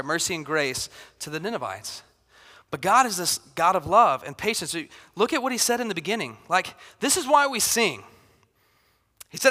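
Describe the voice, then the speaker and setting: A man preaching in a church sanctuary, his bright, forceful voice ringing through a reverberant hall. He talks in a relaxed, conversational way and acts out quotes with growing intensity. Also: high-pitched. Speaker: pastor. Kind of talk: sermon.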